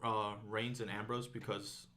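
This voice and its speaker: Bright-voiced man arguing wrestling. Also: lowish voice, a little slow. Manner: animated, emphatic, lots of "like". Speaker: podcast co-host. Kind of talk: casual chat.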